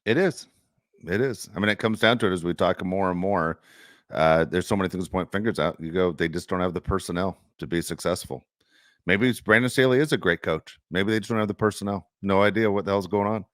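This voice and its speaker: A man's voice: sits low, a little fast, fairly bright tone, no room sound, clean studio sound. A man co-hosting a sports podcast, ranting in exasperation about his team's play in casual chat. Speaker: podcast co-host.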